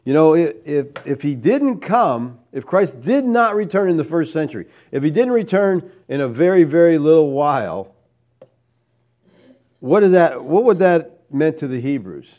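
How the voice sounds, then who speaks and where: A man's voice: fairly high pitch, big pitch swings, normal speed, mellow, dull audio. A man preaching a teaching sermon, emphatic, firing rhetorical questions and tagging points with "all right?".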